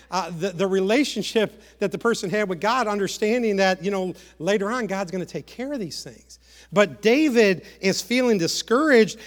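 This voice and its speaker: A man preaching a sermon with passion, repeating words and dropping to a hush to press a point. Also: high-pitched, in a large hall. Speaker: pastor.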